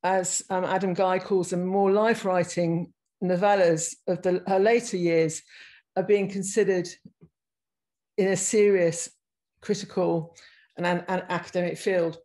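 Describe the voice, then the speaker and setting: A woman, giving a reflective talk over a video call and reading passages aloud, with halting phrasing and frequent restarts. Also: fairly low pitch, fairly even intonation, warm tone, rough recording. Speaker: guest speaker.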